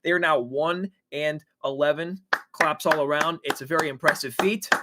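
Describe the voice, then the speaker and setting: A young man casting an esports match with hyped, jokey, drawn-out announcer delivery. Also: a little high, very noisy. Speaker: esports caster. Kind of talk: play-by-play esports commentary.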